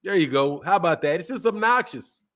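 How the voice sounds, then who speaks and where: With a sore throat, a male boxing channel host reads super chats on a casual livestream, keeping things slangy and laid-back. He has a high, expressive voice, speaks a little fast, and sounds fairly bright.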